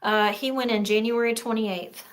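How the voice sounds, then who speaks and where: A woman's voice: on the high side, fairly even intonation, moderate pace. A woman appearing as a guest on an interview podcast, speaking candidly and a bit hesitantly. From United States. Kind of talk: conversational interview.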